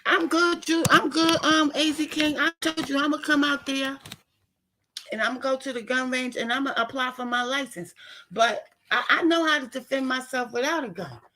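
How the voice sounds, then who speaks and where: A woman's voice: high voice, normal speed, pushed and bright, slight background noise. A woman in her fifties ranting bluntly to her viewers in a casual, profane monologue. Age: 50s. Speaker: vlogger talking to her live viewers.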